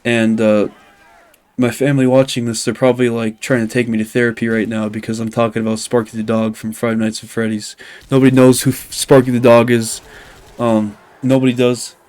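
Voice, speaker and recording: A young man, talking at an average pitch in loose, rambling commentary. He keeps circling back with fillers and trails into jokey, self-deprecating asides. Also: level tone, brisk, darkish tone, smooth. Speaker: commentary YouTuber.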